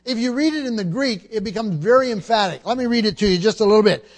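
A man's voice: high voice, animated, fast. A man preaching a sermon, emphatic and teaching, often repeating words and asking the congregation questions.

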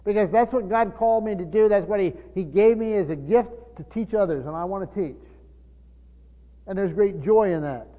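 An older man, a pastor, preaches with a voice that sits high, keeping a moderate pace. He teaches earnestly yet often restarts his sentences and repeats words, heard via dull lo-fi audio thick with long church reverb.

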